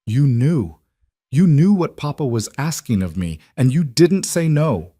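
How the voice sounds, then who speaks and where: A man's voice: mid-range voice, lively intonation, normal speed, a little mellow, no echo, studio quality, close to an everyday voice. A man voicing a young bride, bitter and pleading, her voice rising as she confronts her mother. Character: young bride, raw, angry and trapped woman.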